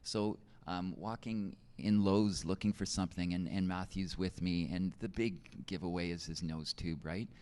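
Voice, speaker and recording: Deep-voiced man sharing a personal story. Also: steady tone, moderate pace, few pauses, dark tone, clear, resonant tone. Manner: conversational, many fillers and restarts. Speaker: teacher. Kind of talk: personal testimony in an interview.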